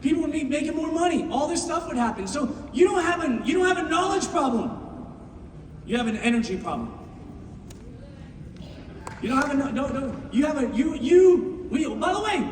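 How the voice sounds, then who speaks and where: A middle-aged man giving an impassioned motivational speech to a room of recruits, swinging from shouting to hushed tones. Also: very high voice, slight background noise. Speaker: business team leader speaking to recruits. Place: large meeting room with an audience. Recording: echoey hall, mic far off.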